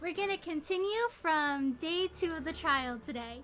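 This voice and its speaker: A woman's voice: very high voice, expressive, moderate pace, a bit bright. A young woman streaming a game live, bubbly and giggly, greeting chatters by name. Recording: stream with music behind.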